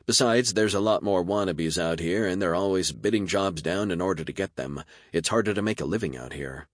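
A man's voice: low voice, a little fast, no echo, studio quality. A man voicing a practical young woman news producer who speaks bluntly and matter-of-factly.

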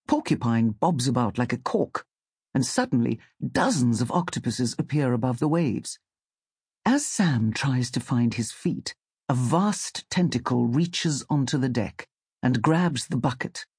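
A man reads a story aloud in a calm, measured audiobook style. His voice sits at a middle pitch with a slightly breathy texture. The close mic leaves the sound dry, with no room around it. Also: no room sound. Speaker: narrator. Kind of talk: scripted audiobook narration.

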